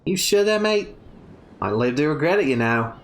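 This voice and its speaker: A woman's voice: low-pitched, very animated, normal speed. Kid, a woman doing a cocky Aussie girl. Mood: teasing. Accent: put-on Australian. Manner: cocky, slangy, teasing. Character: brash young Australian girl, cocky, fierce.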